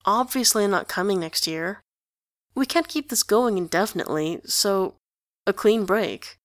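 A sarcastic, blunt teenage boy, read by a woman. Mid-pitched and casual with a dry, close sound in a storybook reading. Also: expressive, moderate pace, dry recording, natural voice. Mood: sardonic. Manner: sardonic, casual.

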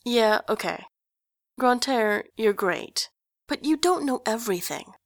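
A woman voicing a gentle but forceful young man who is soft-spoken with sudden sharp bursts. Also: fairly high pitch, lively intonation, measured pace, no room sound, clean studio sound.

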